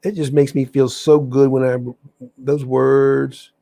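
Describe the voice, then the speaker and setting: A man's voice: mid-range voice, level tone, slow pace, vocal fry, mellow. A man hosting a spiritual livestream, chatting casually and enthusiastically to viewers, rambling and often restarting his sentences. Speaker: livestream host.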